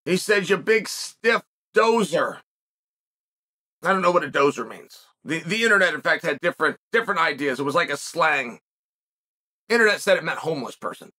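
Man, middle-aged, podcast host, reflective commentary, rhetorical questions, restarts, high-pitched. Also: animated, fast, sharp tone, husky. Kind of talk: commentary monologue.

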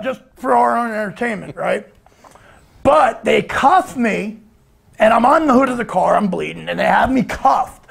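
A man telling a rambling, profane story in a casual way, breaking into shouts now and then. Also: sits high, moderate pace, gravelly. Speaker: guest storyteller.

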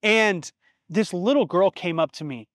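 This is a solo podcast monologue from its host, a man in his thirties whose fairly high voice is a bit bright. At a measured pace he tells stories and reflects earnestly from the heart, swearing casually, in a dry, close recording with no room echo.

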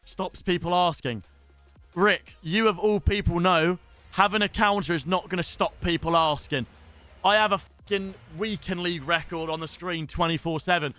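A young man streaming live and chatting casually while opening packs in a football game, excitable and sweary. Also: sits high, moderate pace, faint music behind. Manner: excitable, shouts at pack pulls, swears.

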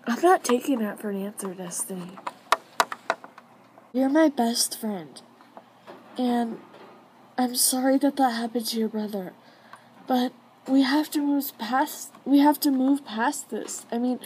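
A woman's voice: high-pitched, unhurried, pauses often, dark tone, slight background noise, low-quality recording. A woman voicing a hurt young girl pet who pleads with her best friend in a fan toy drama. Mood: pleading. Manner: pleading, reproachful.

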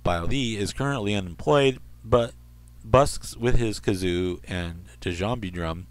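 A man hosting an internet radio show reads odd news stories in a rambling way, drifting into soft asides. His voice is fairly low and slow, and the recording sounds dry.

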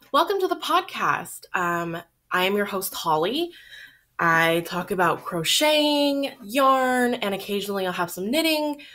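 A woman's voice: mid-range voice, fairly bright tone. A woman in her thirties hosting a casual crochet podcast from home, chatty and rambling with many ums, a little out of breath. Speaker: podcast host. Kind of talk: casual chat.

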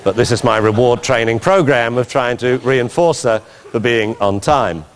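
A male dog trainer giving a lecture, commenting on training videos and acting out commands in a lively way. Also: mid-range voice, moderate pace. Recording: long hall reverb.

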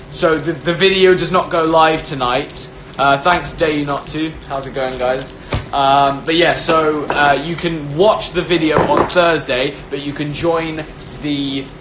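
A young man with a fairly high voice hosts a phone live stream, giggly and rambling as he chats. He sounds as though he is in an echoey room, with noise clearly audible behind him. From Britain. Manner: chatty, giggly, rambling with restarts. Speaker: host of an Instagram live stream. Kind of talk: casual live-stream chat.

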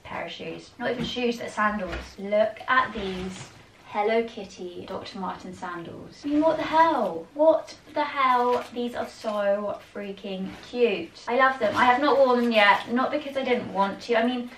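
A young British woman vlogging casually about her sneakers, chatty and gushing with quick asides. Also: fairly high pitch, a bit bright, roomy sound, far from the mic, a little hiss or hum, poor audio. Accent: British English. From England. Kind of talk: casual sneaker collection haul.

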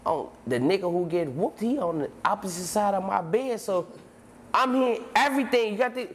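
A man telling a long story as an interview guest, in heavy street slang, acting out scenes with sudden shouts and voices. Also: sits high, lively intonation, brisk, a little hiss or hum. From Chicago. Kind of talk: animated storytelling.

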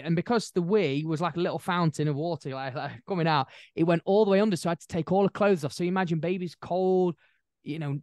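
A young man, a new dad and podcast guest, chatting casually and telling animated, rambling stories. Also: high voice, no echo, studio quality. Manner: animated storyteller, rambling with restarts. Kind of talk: casual chat.

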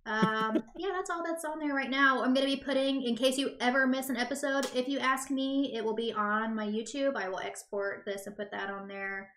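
A woman's voice: fairly high pitch, steady tone, moderate pace, few pauses, a bit bright, echoey room, a little hiss or hum. A young woman hosting a casual live-stream talk show, chatty and giggly.

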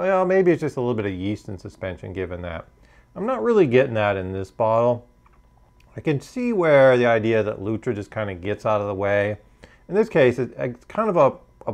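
A man's voice: medium pitch, darkish tone. A man hosting a homebrewing channel, casually reviewing his beers in a hesitant, hedging way, full of fillers.

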